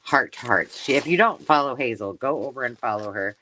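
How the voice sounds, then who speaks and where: A woman's voice: a bass voice, lively intonation, fairly quick, pushed and bright, slight background noise. A woman hosting a live craft stream, chatting casually and gushing over mail she unboxes. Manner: gushing and effusive, chatty asides. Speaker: craft channel host.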